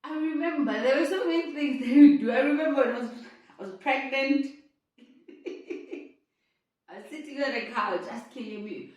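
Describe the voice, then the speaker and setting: A woman from South Africa telling a personal story in an animated way, laughing often. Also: high voice, normal speed, long pauses. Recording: very echoey room, voice from far off.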